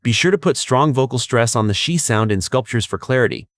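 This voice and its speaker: A man giving scripted test-prep coaching in a clear, measured way. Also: medium pitch, lively intonation, no room sound, studio quality. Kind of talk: scripted instructional narration.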